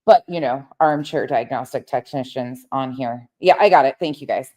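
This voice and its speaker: On a casual late-night livestream, a woman with a bass voice reads chat and talks straight to her viewers at a moderate pace, her tone warm. She paces around as she speaks, swearing often and getting heated.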